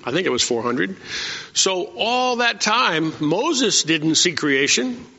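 A man preaching an informal sermon in a folksy, conversational way, often pausing with "uh". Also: high voice, very animated, gravelly, sharp tone, breathy edge. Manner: folksy and conversational, many "uh" fillers. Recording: echoey hall, dull lo-fi sound.

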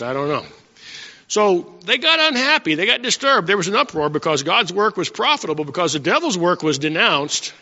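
A pastor preaches a sermon in a folksy manner, with chuckling asides and many restarts. His voice is high, pushed and bright, with vocal fry, and the recording is dull and set in a reverberant hall.

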